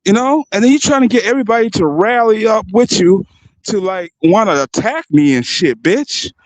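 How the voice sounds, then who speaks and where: A man's voice: high-pitched, expressive, normal speed, dry recording, poor audio. A young man delivering a heated, profane and mocking rant as a streamer. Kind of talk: heated ranting commentary.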